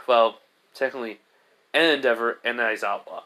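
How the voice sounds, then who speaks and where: A man's voice: mid-range voice, fairly even intonation, measured pace, bright, forceful tone. Rambling man narrating a fan story. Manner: rambling, many fillers and restarts.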